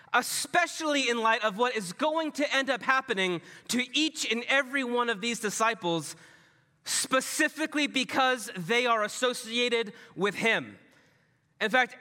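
A man preaching a sermon in a loose, conversational way, often dropping his voice low and soft for emphasis. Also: big-room sound. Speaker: pastor.

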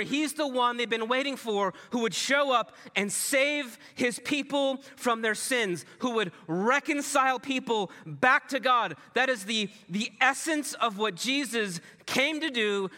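A man preaching a sermon in a loose, conversational way, often dropping his voice low and soft for emphasis. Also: big-room sound. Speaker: pastor.

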